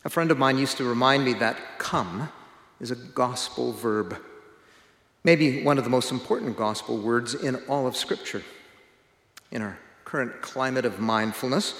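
A man preaching a sermon with a measured, emphatic delivery and pauses for effect. His voice sits at a middle pitch. It rings through an echoey hall with a long reverb tail. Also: a bit bright.

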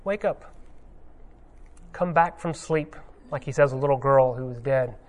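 A man's voice: medium pitch, moderate pace. A man giving an informal sermon, talking conversationally with many ums and uhs as he retells a scene. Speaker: pastor.

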